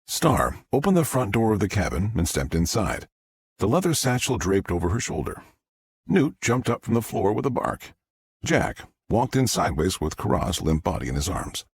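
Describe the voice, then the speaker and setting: A man reading a novel aloud as an audiobook narrator, with a gravelly voice and a measured delivery. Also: low-pitched, sing-song, dry recording.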